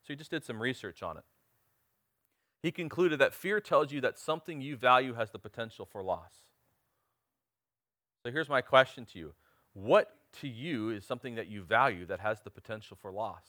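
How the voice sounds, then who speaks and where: A man's voice: mid-range voice, animated, normal speed, long pauses, bright, forceful tone, no echo, studio quality. A man in his forties preaching a sermon, earnest and emphatic, asking the congregation direct questions. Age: 40s.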